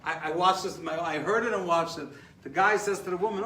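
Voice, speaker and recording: A man with an American accent, a rabbi giving a lively class and taking questions, animated and repeating words as he gets going. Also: high-pitched, fast talker. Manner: animated, repeats words when excited, laughs at his own stories. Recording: echoey room, mic at a distance, faint hiss.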